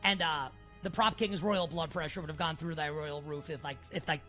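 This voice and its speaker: Bright, playful male sports betting host. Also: on the high side, fairly even intonation, a little fast, soft background music. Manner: playful mock-regal self-reference, rambling with frequent "like". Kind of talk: casual sports betting talk show.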